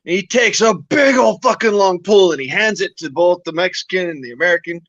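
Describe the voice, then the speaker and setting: Man, bright lively voice, dry dull lo-fi audio, long crude jokes. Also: high voice, no echo. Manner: drawn-out storytelling, loud laughs. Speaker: panel participant. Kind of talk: casual joke telling.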